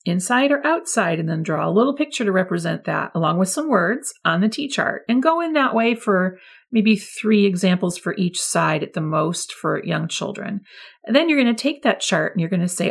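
A woman's voice: fairly low pitch, moderate pace, creaky, breathy edge. A woman early childhood educator explaining classroom methods to other teachers in a friendly, instructive way. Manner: friendly, demonstrates voice levels with lively examples. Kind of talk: teacher training talk.

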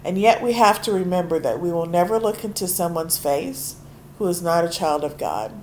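A hoarse woman preaching a sermon, speaking earnestly and casually and reading scripture aloud with emphasis. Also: fairly low pitch, expressive, moderate pace, darkish tone, slight background noise. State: hoarse from allergies.

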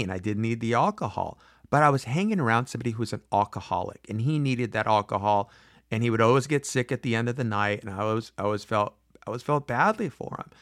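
A man in his forties tells a personal story in a loose, chatty way. He acts out the other people's lines and restarts his sentences often. His voice sits at an ordinary middle pitch and sounds dry and close to the mic. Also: no echo. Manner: animated, acts out quoted voices, frequent fillers and restarts. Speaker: speaker telling a personal story. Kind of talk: casual storytelling monologue.

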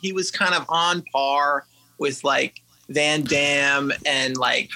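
A man co-hosts a podcast, casual and animated. His voice is high and bright, his pitch swinging widely, and he talks slowly. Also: a little hiss or hum, rough recording. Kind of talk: casual chat.

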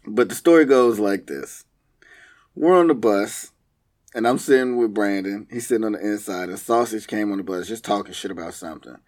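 A man's voice: on the low side, normal speed, a little mellow. A young man telling childhood stories in a casual, slangy way, often laughing as he goes. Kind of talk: casual storytelling.

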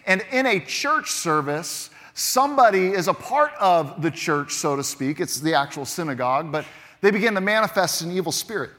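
A man's voice: high voice, lively intonation, normal speed, sharp tone. A man preaching a sermon as pastor, reading scripture aloud and building to emphatic points. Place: church sanctuary. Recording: long reverb of a church hall.

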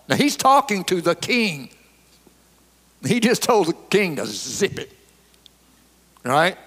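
A man preaching a sermon, emphatic, climbing high for mocking asides and dropping low and soft when he prays. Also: sing-song, a little slow, long pauses. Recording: long hall reverb.

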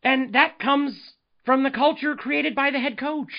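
Male solo podcast host, animated rant full of rhetorical questions, slightly muffled recording. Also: very high voice, a little slow, creaky. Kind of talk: solo sports commentary podcast.

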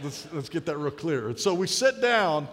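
A man's voice: a little high, sing-song, moderate pace, a bit bright. Man in his late 50s preaching in a big echoing hall. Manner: folksy, anecdotal, builds to punchlines. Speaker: speaker at a podium. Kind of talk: humorous storytelling sermon. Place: large hall with an audience. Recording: long reverb of a large hall.

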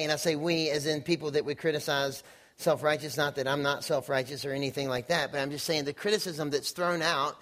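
A young man giving a relaxed, conversational sermon in a fairly high voice. He acts out quoted voices and pokes fun at himself as he demonstrates with props on stage. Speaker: pastor.

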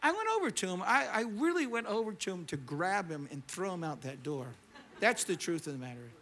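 A man preaching a sermon, telling a story and swinging between loud, animated preaching and quiet storytelling. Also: high voice, brisk. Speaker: pastor. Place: church sanctuary.

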